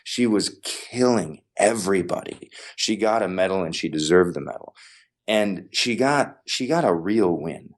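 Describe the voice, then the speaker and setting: A man with a very deep, low voice tells a story as a podcast guest. He talks in an animated, emphatic way and repeats key phrases for effect. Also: measured pace. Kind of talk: casual storytelling in conversation.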